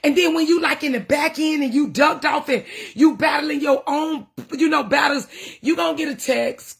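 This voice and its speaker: High, gravelly-voiced woman minister. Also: moderate pace. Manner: passionate, preachy, emotional. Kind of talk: casual livestream talk.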